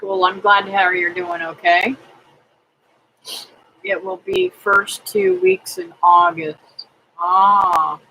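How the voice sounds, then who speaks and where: A middle-aged woman hosting a casual livestream, praying aloud and chatting with viewers in a slow, homely way. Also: lowish voice, lively intonation, gravelly, sharp tone, a little hiss or hum, rough recording. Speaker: homestead livestream host. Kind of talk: casual livestream chat reading comments.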